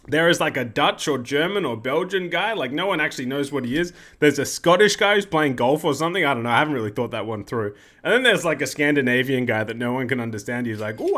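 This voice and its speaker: A man's voice: mid-range voice, animated, fast, pushed and bright. A man hosting casual game commentary, rambling and joking and often interrupting himself. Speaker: gaming video host.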